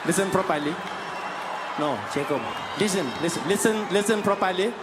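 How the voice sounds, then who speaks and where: A man's voice: high-pitched, normal speed, a loud crowd, heavy background noise. A man in a comedy sketch, counting and repeating himself in exasperation.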